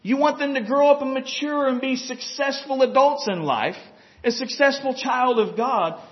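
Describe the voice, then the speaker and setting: High-voiced man preaching conversationally. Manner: conversational preaching, chuckles, frequent "you know". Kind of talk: sermon. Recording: dull lo-fi recording.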